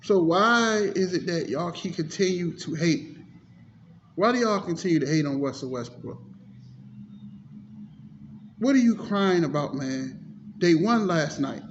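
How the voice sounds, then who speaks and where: A man with a very high voice delivers an exasperated, profanity-laced sports rant straight to the camera. His talk circles back on itself with heated repetition. The audio is dull and lo-fi, with a faint hiss underneath. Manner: frustrated, cursing, repetitive ranting. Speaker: sports vlogger. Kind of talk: ranting sports commentary.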